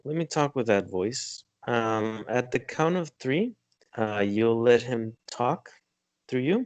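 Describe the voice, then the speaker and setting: A man's voice: medium pitch, lively intonation, takes it slowly, dry recording. A man guiding a hypnosis session, giving directions, counting to three and repeating his commands. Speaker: hypnotist and energy healer.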